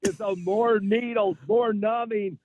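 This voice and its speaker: Animated male caller on a tinny phone line. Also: high-pitched, a little slow, slight background noise. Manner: animated storyteller, insistent. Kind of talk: call-in radio chat.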